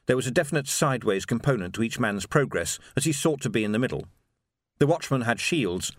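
A man narrating an audiobook in an expressive, animated storytelling manner. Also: mid-range voice, dry recording, studio quality. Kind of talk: scripted narration.

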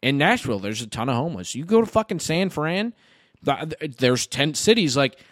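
A mid-twenties man co-hosting a casual podcast, his voice sitting a little high for a man. He rambles, swears freely and restarts his words as he thinks aloud. The sound is dry and close, with no room around it. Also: sing-song, moderate pace, fairly bright tone, dry recording. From United States. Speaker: podcast co-host.

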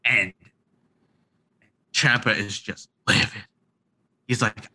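A man in casual chat, excitedly thinking aloud and restarting his sentences as he pitches storyline ideas. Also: measured pace, rough recording. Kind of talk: casual wrestling fantasy-booking chat.

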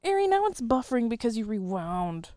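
A woman's voice: on the high side, very animated, a little fast, dark tone, no room sound, studio quality. A woman giving chatty, amused commentary on a show with a friend, swearing freely, recorded on a wired mic while lying on the floor. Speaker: co-host watching a show. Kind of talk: casual reaction chat. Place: indoor room, lying on the floor. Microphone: wired mic with cord.

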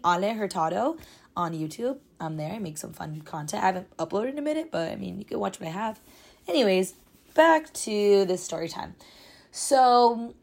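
Young female podcast host, twenties, somewhat low pitch, casual and dramatic storytime delivery. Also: darkish tone. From United States. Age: 20s. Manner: chatty, dramatic, lots of "like".

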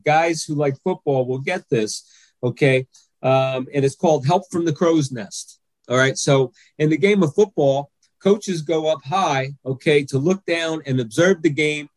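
A man's voice: mid-range voice, no echo. Man coaching with frequent okay checks. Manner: explains step by step, frequent "okay?" check-ins. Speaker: anger management coach and author. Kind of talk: podcast interview, explaining.

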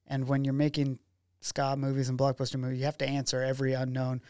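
A man's voice: medium pitch, quick pace, clean tone, no room sound, clean studio sound. A man, a documentary filmmaker guest, chatting casually in an interview and acting out the dialogue in his stories. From Oregon. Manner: animated storyteller who acts out quoted dialogue.

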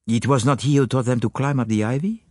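A man voicing a fastidious, methodical detective who speaks precisely and formally in an audiobook. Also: mid-range voice, a little mellow, no room sound, clean studio sound, voice pushed up, natural voice. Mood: probing.

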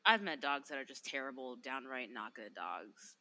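A woman's voice: animated, moderate pace, very noisy. A young woman co-hosting a casual podcast, telling chatty stories. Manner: chatty storyteller, goes high and sing-song when imitating how she talks to a dog. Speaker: podcast co-host. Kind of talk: casual chat.

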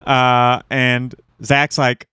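A man's voice: mid-range voice, completely flat delivery, very slow, sharp tone, clear, resonant tone, no room sound, clean studio sound. A man co-hosting a podcast, telling a road trip story animatedly and quoting others. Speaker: podcast co-host.

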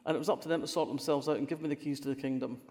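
A woman's voice: sits low, steady tone, racing, dark tone. An older woman from Fife with a Scottish accent, telling wry anecdotes as an interview guest, often restarting her sentences. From Scotland, Fife. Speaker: guest, crime writer. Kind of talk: conversational interview. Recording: long reverberant hall sound.

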